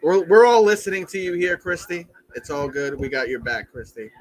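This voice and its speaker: A man's voice: a little high, lively intonation, fairly quick, low-quality recording. A young man hosting a casual live stream, rambling and joking with heavy swearing.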